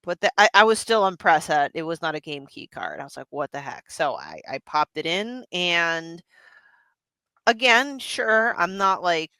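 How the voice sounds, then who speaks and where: A middle-aged woman co-hosting a podcast in casual chat, animated and chatty, laughing often and restarting her sentences. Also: fairly low pitch, a little slow, clean tone, no room sound. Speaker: podcast co-host.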